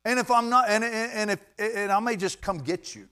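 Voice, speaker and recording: A man voicing God as a patient, loving father, speaking in a gentle, amused, reassuring way. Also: high-pitched, a little fast, clean tone, voice pushed up. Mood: tender.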